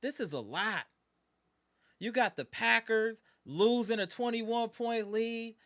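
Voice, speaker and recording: A man with a high, bright voice hosts a live fan stream and vents in exasperation. He repeats his points and talks straight to his viewers. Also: slow. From Wisconsin. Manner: exasperated, ranting, repeats himself.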